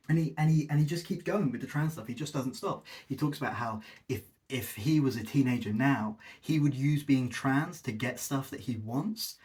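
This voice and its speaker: Guy ranting sarcastically in his video essay, exasperated, mid pitch voice. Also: lively intonation, normal speed, few pauses. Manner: sarcastic, exasperated critique with mocking asides. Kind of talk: scripted-ish critical commentary.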